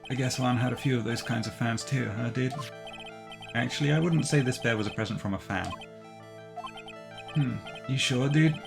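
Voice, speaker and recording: A man's voice: mid-range voice, normal speed, vocal fry, pauses often, natural voice. A man voicing a laid-back, dismissive young male celebrity who drawls and keeps saying dude, over game music. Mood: casual.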